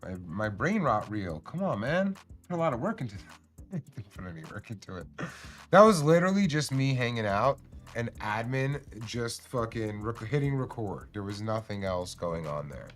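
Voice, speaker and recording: A man's voice: on the low side, big pitch swings, normal speed, faint music behind. A man hosting a casual livestream, chatting in a rambling, joking way and swearing freely. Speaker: cannabis streamer and host.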